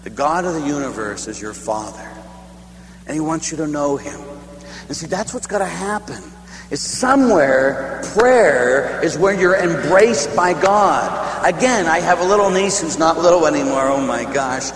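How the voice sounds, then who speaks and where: Priest guy from pittsburgh telling a story in his sermon, animated and funny, kinda high voice, big echoey hall w/ a hum. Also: moderate pace. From Pittsburgh, United States. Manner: animated, humorous, dramatic storytelling.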